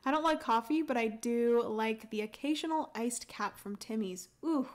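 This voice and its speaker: Faint music plays behind a young adult woman hosting a livestream of a solo board game. She chats casually, reads viewer comments aloud and explains rules with frequent ums, in a slightly high voice at normal speed.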